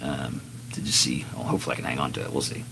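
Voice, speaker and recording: A raspy, middle-aged singer-songwriter chatting earnestly and self-deprecatingly on his live stream between songs. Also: extremely low pitch, level tone, rapid-fire, pushed and bright, slight background noise.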